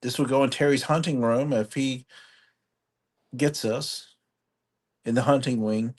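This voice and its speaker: A man hosting a live online sale, joking and describing items deliberately. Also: medium pitch, a little mellow. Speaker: auction host.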